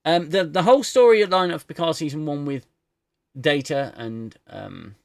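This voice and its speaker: Male host, casual stream chat, rambling delivery, lively gravelly voice. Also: a little high, a little slow. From United Kingdom. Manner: rambling, with laughs and restarts. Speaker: show reviewer and host.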